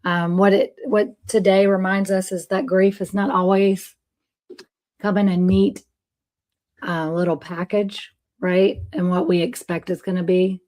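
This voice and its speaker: A woman hosting a podcast conversation, speaking in a gentle, reflective way with frequent pauses and ums. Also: mid-range voice, little pitch movement. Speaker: host. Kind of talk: faith-based podcast conversation.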